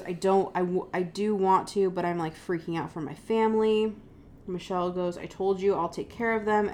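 A woman's voice: lowish voice, a little mellow, slight background noise. A woman co-hosting a podcast, casually retelling a true-crime case and reading out text messages, with lots of "like" and "um" fillers. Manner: chatty, many "like" and "um" fillers, quotes texts with "she goes". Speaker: podcast co-host.

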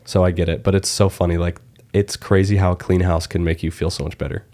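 Young guy podcast host, real deep voice, joking around and crude. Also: fast. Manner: joking, crude, animated storyteller. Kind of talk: casual chat.

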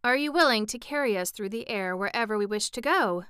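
A woman's voice: on the high side, animated, a bit bright, clean tone, dry recording, clean studio sound, pitched above the performer's own voice. Woman reading a kindly scarecrow. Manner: kindly, measured. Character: kindly, wise male scarecrow. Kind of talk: audiobook reading.

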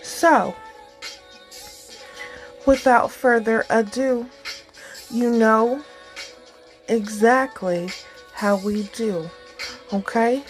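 Slow encouraging woman podcaster, fairly high voice, bit of music under it. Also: low-quality recording. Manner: warm, encouraging, rambling with many fillers. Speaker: podcast host. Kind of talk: casual heartfelt talk.

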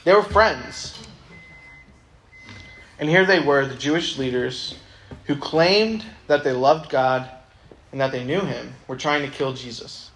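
A man's voice: mid-range voice, slow, pauses often, fairly bright tone, a little hiss or hum. A young man giving a casual, conversational sermon to a youth group, reading a Bible passage aloud. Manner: casual, conversational, many ums.

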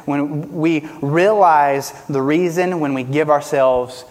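Pastor guy preaching, fairly high voice, lots of questions, big swings loud to soft, long hall echo. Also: slow. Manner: preaching with rhetorical questions, pitch and volume swinging widely. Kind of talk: sermon.

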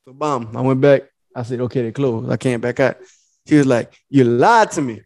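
A young man co-hosts a podcast, telling a profane story casually and voicing both sides of it. His voice is medium-pitched and darkish, at a moderate pace, recorded clean in a studio with no echo.

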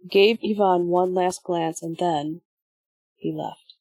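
A woman reading an audiobook in measured, even scripted narration. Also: lowish voice, slightly rough, no echo.

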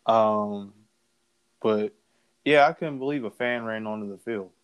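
A man's voice: fairly low pitch, unhurried, clean tone, muffled recording. A man co-hosting a casual talk recording, talking loosely with slang and laughing often. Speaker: podcast co-host. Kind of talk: casual chat.

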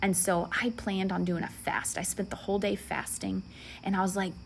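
A woman giving a sermon testimony, earnest and emotional, dropping into soft whispers at times. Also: mid-range voice, level tone, moderate pace, creaky, slight background noise. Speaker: preacher.

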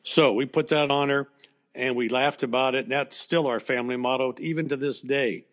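A man's voice: medium pitch, fairly even intonation, normal speed. Plainspoken older man telling a story. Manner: plainspoken, conversational, many fillers and restarts. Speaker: former baseball coach, guest. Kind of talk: emotional storytelling in a podcast interview.

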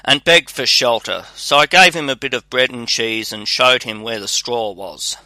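A man's voice: medium pitch, moderate pace, pushed and bright, dry recording, low-quality recording. A man voicing a miller's nervous, deceitful wife in a read-aloud storybook, in a plain reading manner.

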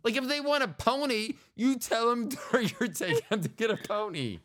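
Animated joking man in his fifties. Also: extremely high pitch, moderate pace. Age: 50s. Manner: joking, animated, puts on silly voices. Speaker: podcast host. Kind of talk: casual comedic chat.

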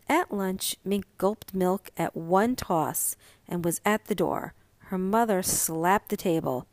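A woman reading a story aloud as narrator, calm and measured. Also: fairly low pitch, no echo.

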